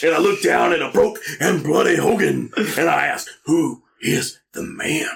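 Raspy, high, shouted heel promo, a man putting on a wrestling villain. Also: a little slow. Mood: gloating. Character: ranting male wrestling villain, menacing and boastful.

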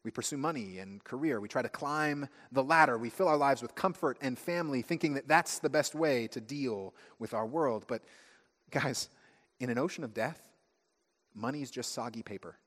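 Man, pastor, sermon, animated storytelling, long echoing hall. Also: mid-range voice, moderate pace. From United States. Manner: animated storytelling, acting out friends' voices.

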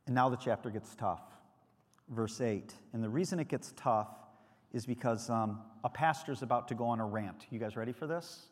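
A man's voice: medium pitch, normal speed, in a large hall. A man preaching a sermon as pastor, speaking conversationally and putting questions to the congregation. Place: church sanctuary.

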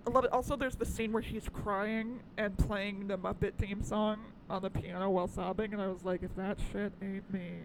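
A woman's voice: medium pitch, moderate pace, hardly any pauses, background noise. A woman co-hosting a casual podcast chat, talking animatedly, cursing freely and laughing often. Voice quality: tall. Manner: animated, swings to loud squealing bits. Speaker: podcast co-host. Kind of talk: casual chat reviewing a movie.

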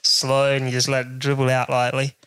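A man's voice: medium pitch, monotone, fairly quick, fairly bright tone, clear, resonant tone, no echo. A man co-hosting a casual chat, rambling along with lots of fillers. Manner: laid-back, rambling with fillers. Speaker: podcast co-host.

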